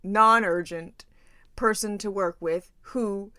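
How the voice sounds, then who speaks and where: A woman co-hosting a podcast in casual chat, animated and blunt, laughing and swearing freely. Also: mid-range voice, takes it slowly. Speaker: podcast co-host.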